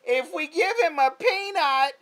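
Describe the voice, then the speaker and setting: A man putting on the voice of a shrill elderly grandmother calling out to her husband in drawn-out shrieks. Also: a bit bright. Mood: shrieking.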